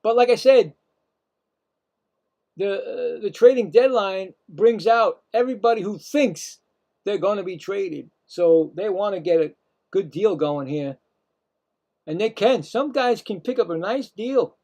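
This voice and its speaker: Excitable high-voiced play-by-play man. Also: unhurried, lo-fi sound. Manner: excitable, rants at calls and chats to viewers. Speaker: play-by-play host of a streamed game. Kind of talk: live play-by-play commentary.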